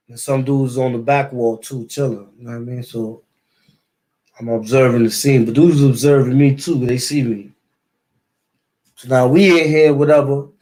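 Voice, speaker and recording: A man from East New York, Brooklyn, tells a story in casual street slang, with a New York accent, lots of repeated words and sound effects. His voice is medium-pitched and dark in tone.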